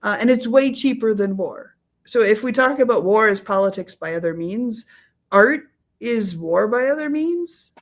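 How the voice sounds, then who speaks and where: A woman's voice: on the high side, lively intonation, normal speed. A woman historian in a casual interview, explaining history in a playful storytelling way with acted quotes. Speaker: historian guest.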